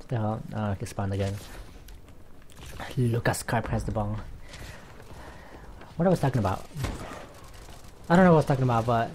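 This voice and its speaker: Rambling, excitable young gamer guy. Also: mid-range voice, moderate pace, gravelly, pauses often, a little hiss or hum. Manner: rambling, easily distracted, excitable outbursts. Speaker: gaming YouTuber. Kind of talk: casual gameplay commentary. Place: home room in front of TV.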